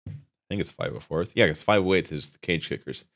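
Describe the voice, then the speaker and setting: A man's voice: deep voice, brisk, gravelly, fairly bright tone. A man streaming casually, rambling and joking at his own expense. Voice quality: rambling and self-mocking. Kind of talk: casual live-stream chat. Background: instrumental music.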